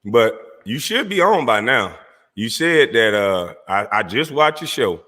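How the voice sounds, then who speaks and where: A man's voice: mid-range voice, sing-song, a little slow, bright, forceful tone. Man ranting at a rival, echoing room. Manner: heated, mocking, addresses rival directly. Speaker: livestream host. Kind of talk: confrontational call-out rant.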